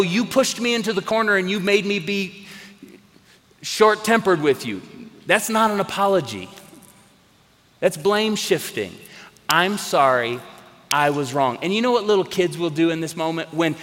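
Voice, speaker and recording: A man preaching a sermon to a congregation, earnest and emphatic, repeating phrases for weight. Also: on the high side. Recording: long hall reverb.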